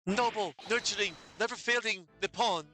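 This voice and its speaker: A man voicing an excitable, paranoid male scholar in a game, given to dramatic, alliterative outbursts. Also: high-pitched, normal speed. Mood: overjoyed. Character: excitable anxious Japanese male scholar prisoner. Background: game music.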